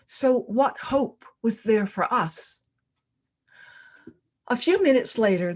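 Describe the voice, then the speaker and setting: Older woman telling a tense story. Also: medium pitch. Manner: dramatic pauses, drops to a hush at tense moments. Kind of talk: personal story told live. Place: storytelling event.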